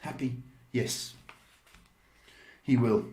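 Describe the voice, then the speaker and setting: A man's voice: mid-range voice, drawn-out words, darkish tone. A man hosts a psychic reading stream, chatty and teasing as he answers listeners. He takes his time over every word. His voice bounces around an echoey room. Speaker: psychic tarot reader and host.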